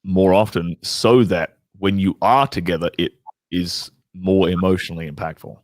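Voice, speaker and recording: A man in casual conversation, relaxed and blunt, dropping crude asides. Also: low-pitched, moderate pace, no echo, studio quality. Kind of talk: casual chat.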